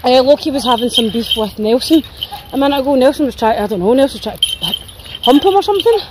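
Tired, high-voiced Scottish woman. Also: expressive, fast, background noise. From Scotland. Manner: chatty, swearing, voicing her dogs' thoughts. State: tired and sore. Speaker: dog walker vlogger. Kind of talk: casual walking vlog. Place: outdoors in woods on a walk.

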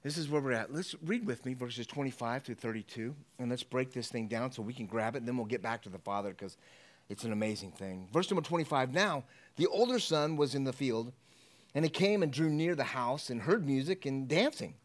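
A man preaching a sermon as pastor, animated, swinging between hushed asides and loud exclamations. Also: medium pitch, fairly quick.

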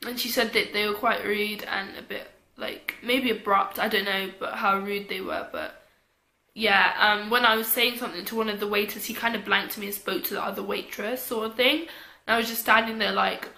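A woman's voice: medium pitch, steady tone, moderate pace, sharp tone, echoey room. A young woman chatting casually, with lots of fillers, telling a story to camera. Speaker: vlogger.

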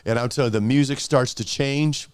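Male pastor, animated sermon storytelling, smooth voice, dry close sound. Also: mid-range voice, a little fast, no room sound.

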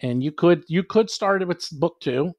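A man being interviewed as a game author, chatting casually and acting out his players in quick quoted voices. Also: fairly high pitch, darkish tone, no room sound. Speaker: guest, adventure author and publisher.

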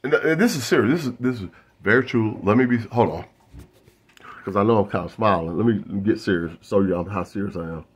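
With a fairly low, breathy voice and a brisk delivery, a male comedian runs through a loose stand-up monologue to camera. He keeps interrupting himself with fillers, restarts and asides.

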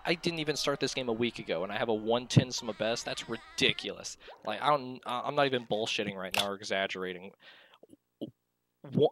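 A man's voice: mid-range voice, brisk, slight background noise. A young man commentating his own speedrun from a dorm room at night, keeping his voice down but often bursting out in disbelief, with lots of restarts and stammers. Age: young adult. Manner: excitable, disbelieving, talks in bursts with many restarts; keeps voice down to avoid waking sleepers. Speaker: speedrunner streamer. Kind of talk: casual live commentary while gaming.

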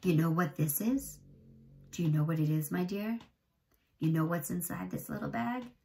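A woman's voice: lowish voice, big pitch swings, moderate pace, slight background noise. A woman whispering as a creepy old man. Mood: secretive whisper. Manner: hushed whisper, bursting into wild cries.

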